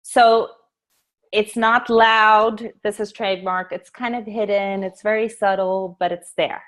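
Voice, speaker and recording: A woman teaching over a video call, with an average pitch and a brisk, chatty delivery. She walks through her sales pitch and slips into acting out her lines to customers. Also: steady tone, a bit bright. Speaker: essential oils sales trainer. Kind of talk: casual screen-share training talk.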